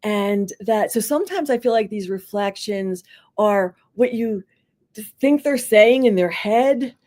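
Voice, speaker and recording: Animated woman telling a school story. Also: medium pitch, a little slow. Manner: animated storyteller who acts out quotes with a rising voice; conversational, many fillers like "like" and "you know". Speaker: school psychologist guest. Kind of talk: podcast interview, teaching by story.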